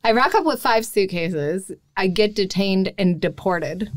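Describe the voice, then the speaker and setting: A woman in her thirties from Wisconsin, a podcast guest telling her story in lively casual chat. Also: medium pitch, a little slow, no room sound. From Wisconsin, USA. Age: 30s. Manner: lively, acts out quoted exchanges.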